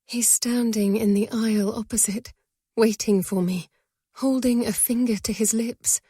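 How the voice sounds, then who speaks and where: A woman narrating a first-person romance audiobook in a soft, breathy voice that often sinks to a whisper. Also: a little high, fairly even intonation, a little slow, no room sound, clean studio sound.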